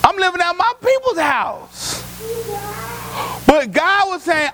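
Male pastor, very high voice, preaching hard, swings between shouting and hushing, faint hum underneath. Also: very animated, slow pace, pauses often, poor audio. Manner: preaching with rising shouts and sudden drops to a hush. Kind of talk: sermon.

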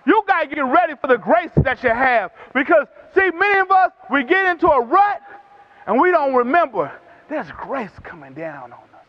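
A man's voice: extremely high pitch, sing-song, moderate pace. A man preaching a sermon, repeating phrases in a rhythm that rises to emphatic calls, on a dull lo-fi recording.

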